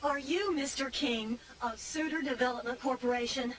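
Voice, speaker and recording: A woman's voice: sits high, normal speed, a loud crowd, natural voice, rough recording. An actress playing a feisty activist woman who firmly stands up to a developer in a children's TV show. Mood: indignant. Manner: firm, indignant. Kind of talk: 1990s children's TV acting.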